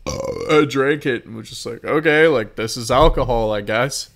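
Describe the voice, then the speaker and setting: A young man on a casual podcast, spinning a rambling party story full of filler words and swearing. His voice sits at an ordinary middle pitch, and he breaks into laughter as the story goes on. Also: normal speed, vocal fry, a bit bright. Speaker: podcast co-host. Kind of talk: casual chat.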